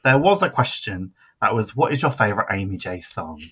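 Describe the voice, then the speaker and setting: Giggly young man, bright voice. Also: fairly low pitch, sing-song, fairly quick, breathy edge. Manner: giggly, trails off quietly. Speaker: podcast co-host. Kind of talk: casual chat.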